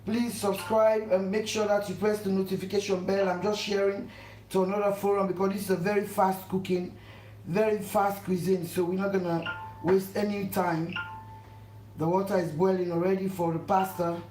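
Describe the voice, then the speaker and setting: Soft background music plays as a woman with a level, slightly mellow mid-range voice speaks at a moderate pace. She's a cooking channel host streaming live from home, gushing, repeating herself, and constantly urging viewers to subscribe. The room echoes, with faint household noise.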